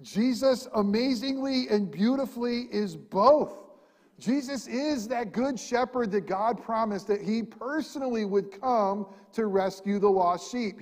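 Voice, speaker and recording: A man preaching a sermon, animated, swinging between loud emphatic lines and quiet ones. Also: high-pitched, long reverb tail. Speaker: pastor.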